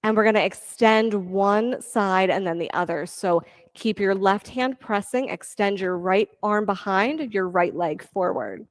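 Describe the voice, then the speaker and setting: A woman guides a yoga class at an unhurried pace, calling out breaths and counting reps with steady encouragement. The recording is dry and close, with no room sound. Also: mid-range voice, no echo. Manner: calm, encouraging counting and cueing. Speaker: yoga instructor.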